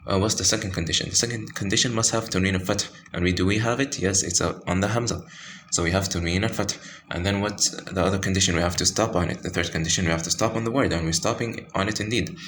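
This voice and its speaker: Tajweed teacher, man, very low voice, halting delivery full of fillers, faint room hum. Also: fairly even intonation, a bit bright. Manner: halting, many fillers and self-corrections. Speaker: Quran recitation teacher. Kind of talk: informal tajweed lesson with screen pointing.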